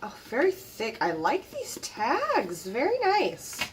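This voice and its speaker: A woman hosting a crafting channel, narrating an unboxing in a casual, gushing way, admiring each item with soft exclamations. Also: high voice, huge pitch swings, takes it slowly, recorded from a distance, a little hiss or hum.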